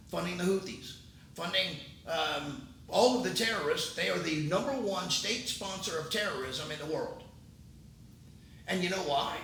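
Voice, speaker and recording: A man hosting his own political commentary show, talking in an emphatic, indignant way. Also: sharp tone. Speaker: host. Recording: roomy, distant mic, faint rumble.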